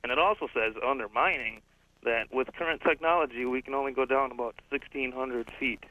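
A man calls into a radio show and eagerly reads out facts at a quick clip. His voice sits at a mid pitch. It comes through a tinny, dry phone line. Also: steady tone, dry recording. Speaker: caller.

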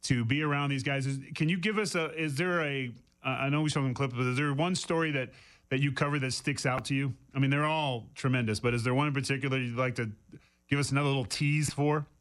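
A man's voice: medium pitch, steady tone, fast talker, a bit bright. Male radio host, chatty, a bit stumbling when he asks questions. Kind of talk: radio interview.

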